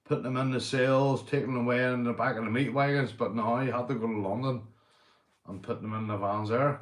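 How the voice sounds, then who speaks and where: A Northern Irish man rants on a livestream, blunt and full of swearing, with a mid-pitched voice. The sound bounces around an echoey room. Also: fairly even intonation, fairly quick. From Northern Ireland. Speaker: livestream host. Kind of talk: casual livestream rant.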